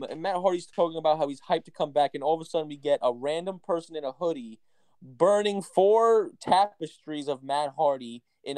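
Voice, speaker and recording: A man's voice: on the high side, a little mellow, clear, resonant tone, no room sound. Blunt, ranting male podcast co-host. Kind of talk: casual wrestling podcast chat.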